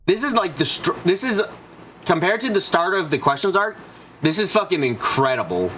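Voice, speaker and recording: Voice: medium pitch, very animated, normal speed, fairly bright tone, a little hiss or hum. Swearing, rambling let's play streamer. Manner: gushing, rambling, heavy swearing. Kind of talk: casual commentary over a visual novel. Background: game music.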